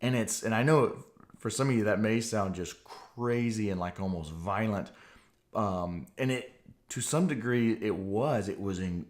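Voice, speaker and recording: A man in his forties with a fairly low voice tells a personal testimony on a podcast. He speaks earnestly and with animation, like someone reliving what happened to him. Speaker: podcast host.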